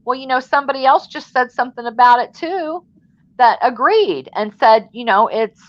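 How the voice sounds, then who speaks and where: A woman's voice: high-pitched, expressive, normal speed, dry recording, dull audio. A woman hosting a livestream panel in a casual, gossipy chat, throwing shade and laughing often.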